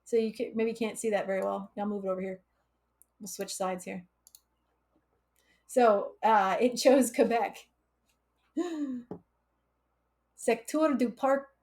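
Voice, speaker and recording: A woman's voice: mid-range voice, takes it slowly, pauses often, a little mellow. A woman hosting a casual live coding stream, chatty and laughing often as she reads chat aloud. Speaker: livestream coding instructor.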